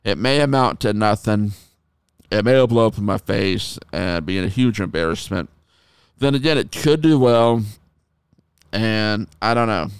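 A man hosting a podcast in casual chat, telling stories in an animated way and swearing freely. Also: fairly low pitch, unhurried, clear, resonant tone, no room sound, clean studio sound. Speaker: podcast host.

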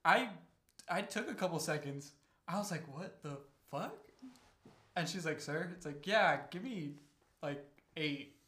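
A man's voice: on the high side, animated, normal speed, fairly bright tone. A young man telling stories in casual chat with friends, swearing and restarting his sentences. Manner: storytelling, swears, self-interrupting. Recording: roomy echo.

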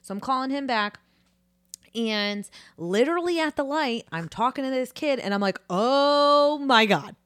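A woman co-hosting a casual podcast, bubbly and quick to laugh as she retells her stories with drama. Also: a little high, animated, dry recording, clean studio sound. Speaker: podcast co-host. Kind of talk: casual chat. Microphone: desk mic on arm.

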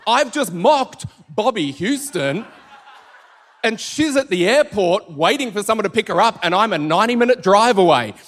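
Aussie pastor guy, high voice, chatty jokey sermon, long church echo. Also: normal speed. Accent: Australian. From Australia. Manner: energetic, conversational and joking. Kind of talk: sermon with personal storytelling. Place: church auditorium. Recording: church hall reverb with soft music.

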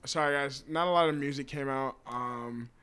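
A man's voice: medium pitch, moderate pace, sharp tone, clear, resonant tone. A man co-hosting a casual podcast, joking around and swearing freely as he talks music. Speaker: podcast co-host. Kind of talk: casual chat. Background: music playing.

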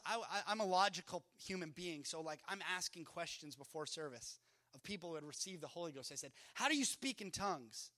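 A man from Canada preaching a sermon at a church service, impassioned, moving between loud declarations and hushed storytelling. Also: high voice, dry recording, studio quality.

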